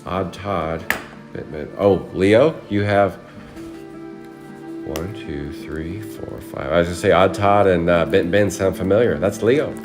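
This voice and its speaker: With music playing behind him, a married man speaks in a low, slightly slow voice while hosting a live trading card break. He rambles casually, calls out cards, and greets viewers by name.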